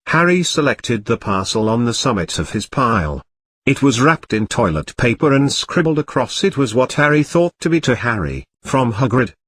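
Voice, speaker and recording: A man narrating a comic storybook parody in a deadpan reading style. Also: mid-range voice, slightly rough, dry recording.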